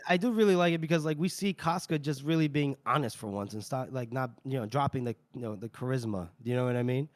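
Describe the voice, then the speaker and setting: A fast-talking man with a medium-pitched voice co-hosts a book podcast, recapping chapters in a casual, rambling way packed with "you know" and "like." There's no room sound.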